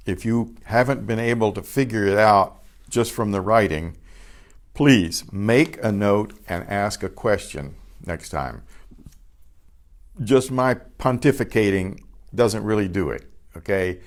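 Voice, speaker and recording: A man teaches beginners over a video call in a somewhat low voice. He takes his time, saying each phrase twice so the class can follow, and clears his throat every so often. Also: lively intonation. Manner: slow, patient, repeats phrases aloud for learners. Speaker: Spanish teacher. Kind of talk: online beginner language lesson.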